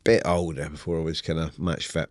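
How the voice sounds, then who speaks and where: A man's voice: extremely low pitch, flat delivery, a little fast, no echo, studio quality. A Scottish man in his fifties, a writer being interviewed, answering in a laid-back, wry, self-deprecating way. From Scotland. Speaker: author guest. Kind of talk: casual interview.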